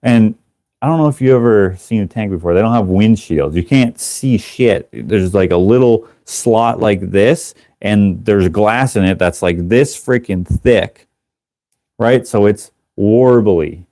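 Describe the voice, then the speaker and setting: A man's voice: a little slow, no room sound, studio quality. Man telling a rambling funny story. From Canada. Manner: rambling, animated, acts out other people's voices in a high pitch; laughs at his own story, swears casually. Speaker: live-stream host. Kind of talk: casual storytelling on a live stream. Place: indoors, working on a craft while streaming.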